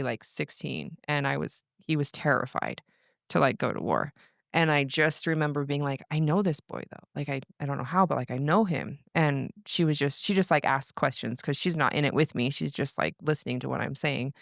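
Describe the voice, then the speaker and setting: A woman's voice: low-pitched, vocal fry, no echo, clean studio sound. A young adult woman, a podcast guest, telling a personal story in casual chat, rambling with lots of "like" and restarts. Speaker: podcast guest, breathwork practitioner.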